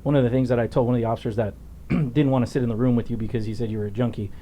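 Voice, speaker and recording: Middle-aged guy hosting a podcast, mellow low-key tone, swears a lot, faint hiss behind. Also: very fast. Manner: blunt, profane, animated storyteller. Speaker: podcast host, former police officer. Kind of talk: casual storytelling interview.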